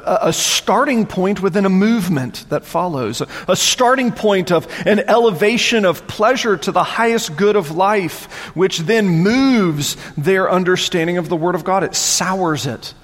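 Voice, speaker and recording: A man preaching a sermon, animated, voicing the mockers in rising tones. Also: high voice, normal speed, hardly any pauses. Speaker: pastor. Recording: long hall reverb.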